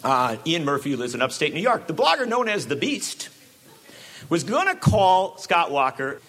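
A man giving a public talk with sarcastic, animated delivery and frequent asides. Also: fairly high pitch, moderate pace. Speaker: speaker.

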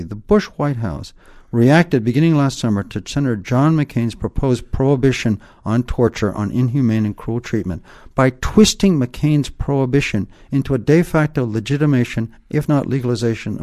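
Man explaining stuff in an interview, mellow low-ish tone, keeps saying okay, kinda lecture-y. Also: expressive, moderate pace. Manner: emphatic, lecturing, tags points with "okay?". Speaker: guest expert.

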